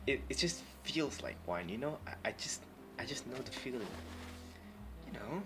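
A man's voice: mid-range voice, big pitch swings, moderate pace, background noise. A tipsy young man co-hosting a podcast, stammering and swearing through laughing late-night banter. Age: young adult. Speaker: podcast co-host. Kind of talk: casual late-night chat.

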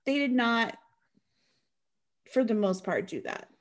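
A woman's voice: on the high side, expressive, slow. A woman from Washington state co-hosting a podcast, chatty and joking in casual conversation. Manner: chatty, joking asides with many likes. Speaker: podcast co-host. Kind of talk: casual chat.

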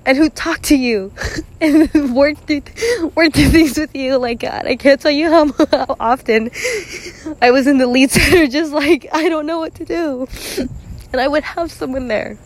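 A woman's voice: high-pitched, moderate pace. A young woman talking through her feelings alone to camera in a rambling, emotional monologue, full of "like," swearing, sighs and nervous laughs, close to tears. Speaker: vlogger.

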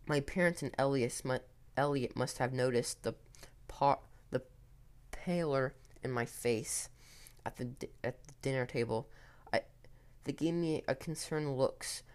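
A man telling a first-person horror story in a tense, hurried way with occasional restarts. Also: mid-range voice.

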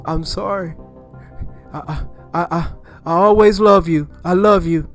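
A man voicing a frightened husband whose voice jumps high in alarm. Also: slow, pushed and bright, faint music behind. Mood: pleading. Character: panicked husband, frightened and pleading.

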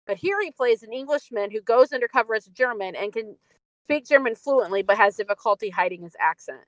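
A woman's voice: a little high, animated, brisk, dry recording, low-quality recording. Woman podcast co-host, chatty film recap, dry close mic. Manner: chatty, many fillers and laughs. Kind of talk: casual chat about a film.

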